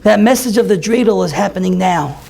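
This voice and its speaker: A man who is a rabbi and teacher, giving an impassioned sermon at an event that builds to near-shouts. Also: sits high, lively intonation, fairly quick, vocal fry. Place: event hall.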